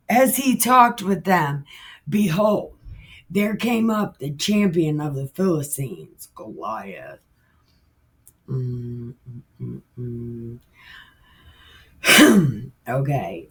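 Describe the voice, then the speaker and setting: Husky woman retelling a Bible story profanely. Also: on the low side. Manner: profane, laughing, chatty. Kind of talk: casual irreverent Bible retelling.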